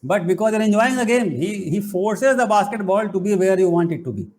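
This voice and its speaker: A middle-aged man, giving an animated spiritual talk full of playful, emphatic rhetorical questions. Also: high-pitched, brisk. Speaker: spiritual teacher and college head.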